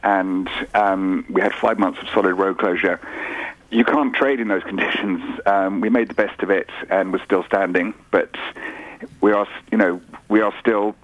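Male guest shop owner, low voice, muffled dry phone line. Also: fairly even intonation, normal speed, dry recording. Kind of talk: radio phone interview.

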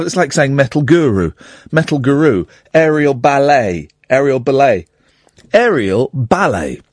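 A man with a medium-pitched voice hosts a late-night phone-in radio show from a studio, rambling and chatty and cutting off his own points. It's recorded on a studio microphone with no echo.

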